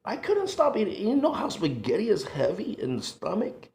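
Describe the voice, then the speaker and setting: A middle-aged man from the United States, a food vlogger reminiscing in a halting, emotional way, sighing between thoughts. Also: high voice, huge pitch swings, vocal fry, darkish tone. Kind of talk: casual reminiscing monologue. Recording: echoey room.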